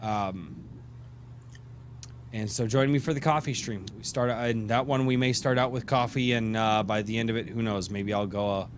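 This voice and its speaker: A man's voice: on the low side, moderate pace, a little hiss or hum. A middle-aged man hosting a podcast, chatting casually in a rambling way and joking while drinking beer, his voice tired. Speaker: podcast host. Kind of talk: casual live-stream chat.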